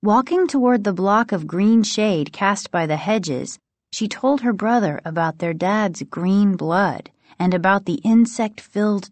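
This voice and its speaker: Slow, measured woman narrating a book. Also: lowish voice, darkish tone, no room sound. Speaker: audiobook narrator. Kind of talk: scripted audiobook narration.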